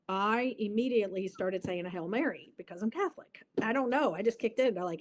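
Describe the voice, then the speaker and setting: A woman's voice: a little high, moderate pace, few pauses. Earnest woman telling a vivid story. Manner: earnest, vivid, with many fillers. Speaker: guest. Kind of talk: telling a personal story in an interview.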